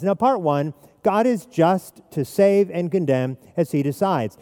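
Male preacher, high and mellow, emphatic expository sermon, church hall reverb. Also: lively intonation, unhurried, few pauses. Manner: emphatic, repeats key phrases. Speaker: pastor.

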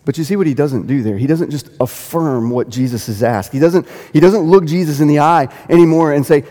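A man's voice: mid-range voice, animated, fairly quick, few pauses, dark tone, big-room sound. A man preaching a sermon as pastor, earnest, repeating phrases for emphasis and lifting into quoted dialogue.

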